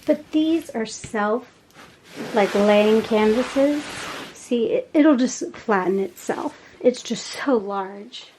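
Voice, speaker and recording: A woman chatting casually as she unboxes craft kits, gushing with soft laughs. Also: on the high side, slow pace, slight background noise, poor audio. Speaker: unboxing vlogger.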